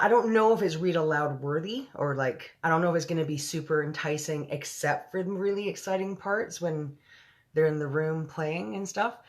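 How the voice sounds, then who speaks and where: A woman hosts a late-night livestream where she reads a book aloud. She chats loosely between passages, swearing casually and slipping in giggly asides. The mood is relaxed and unscripted. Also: low-pitched. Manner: chatty, profane, giggly asides. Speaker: storybook reader and livestream host.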